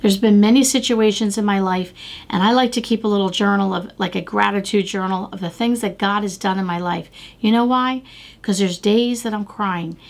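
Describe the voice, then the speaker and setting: A woman's voice: medium pitch, steady tone, normal speed. A middle-aged woman hosting a devotional podcast, talking earnestly and exhorting listeners with repeated phrases. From United States. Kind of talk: devotional talk.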